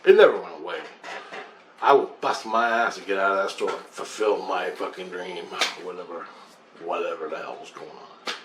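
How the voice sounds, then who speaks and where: Rambling, profane man with a low voice. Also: normal speed. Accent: Windsor, Ontario. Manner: rambling, profane, laughs at himself, drops to a mutter. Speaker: storyteller recounting a personal experience. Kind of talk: casual spoken storytelling. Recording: roomy echo, faint background hum.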